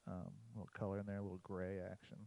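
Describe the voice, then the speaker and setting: A man's voice: deep voice, completely flat delivery, quick pace, vocal fry, warm tone, poor audio. A man on a church livestream casually telling a hunting story and a joke, rambling and chatty. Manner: rambling, uses "like" often, chatty.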